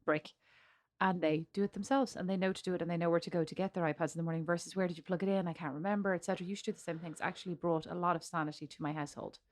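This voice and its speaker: A middle-aged Irish woman co-hosts a podcast, trading stories in casual chat with teasing humor and frequent laughs. Her voice sits lowish and steady in tone, and she talks in a rapid-fire way.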